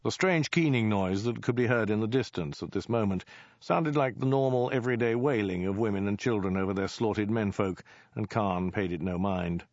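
Low-voiced man narrating a comic story. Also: normal speed, a little mellow, no echo, dull audio.

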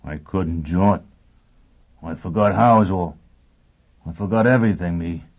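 Man voicing a croaking rough-spoken wrecked spaceman, low voice, audiobook, tinny phone-like sound. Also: unhurried. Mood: urgent, croaking. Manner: croaking, rough dialect speech. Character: battered, desperate male spaceman, rough-spoken. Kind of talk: audiobook character voice.

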